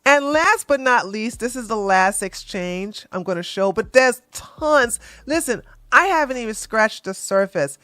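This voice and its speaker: Woman, commentary host, blunt, mocking, fairly high voice, dry close recording. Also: lively intonation, measured pace, few pauses, fairly bright tone, no echo. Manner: blunt, mocking, talks straight back at the person she covers. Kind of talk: comedic commentary reading tweets aloud.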